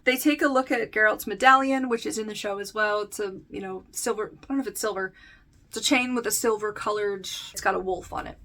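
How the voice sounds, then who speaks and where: A woman's voice: mid-range voice, steady tone, fairly quick, bright, forceful tone, soft background music. A young woman casually recapping a fantasy novel against its TV adaptation, chatting with many fillers, laughing often and reading short passages aloud. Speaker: book reviewer. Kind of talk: casual book-versus-show recap.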